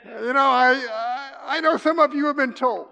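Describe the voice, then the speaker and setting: An older man preaching a sermon as pastor, telling folksy stories with jokes and dropping to a soft hush. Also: extremely high pitch, normal speed, creaky, clean tone. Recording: long reverb of a large hall.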